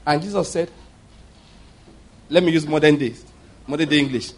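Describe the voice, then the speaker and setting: A man's voice: on the high side, normal speed. A middle-aged man preaching a sermon, telling stories with emphatic repetition. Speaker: pastor.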